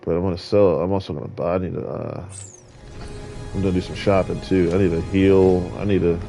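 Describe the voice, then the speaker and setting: A man's voice: sits low, little pitch movement, a little fast. A man rambling with preachy musings while commenting on his gameplay. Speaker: gamer. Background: game music.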